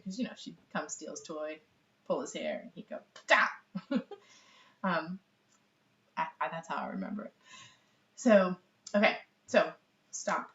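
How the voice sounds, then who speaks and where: Chatty middle-aged woman teaching baby signs, lots of ums, roomy far-off webcam sound, a bit muffled. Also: lowish voice. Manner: chatty, laughs often, many ums. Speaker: sign language teacher. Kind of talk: casual live-streamed lesson. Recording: roomy, distant, dull webcam audio.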